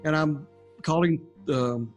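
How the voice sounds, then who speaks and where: An older man recounts his experiences in an easygoing, folksy way, chuckling now and then. His voice sits a little high for a man. Soft music plays faintly underneath. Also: slow pace. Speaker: guest sharing near-death testimony. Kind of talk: casual storytelling interview.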